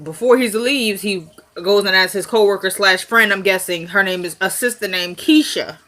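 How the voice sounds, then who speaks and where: A woman's voice: mid-range voice, moderate pace, fairly bright tone. A woman, sniffly, recapping a TV episode in a casual vlog, chatty, laughing and acting out quotes.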